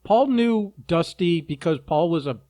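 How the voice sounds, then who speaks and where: A man's voice: on the high side, expressive, a little slow, a crowd in the background. A man co-hosting a podcast in casual chat, sarcastic and laughing often. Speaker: podcast co-host.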